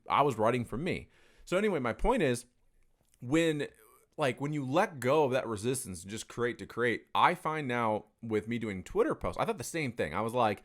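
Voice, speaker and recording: Animated, swearing storyteller man. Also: mid-range voice, normal speed. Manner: animated storyteller, swears freely, many fillers. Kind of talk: casual conversation.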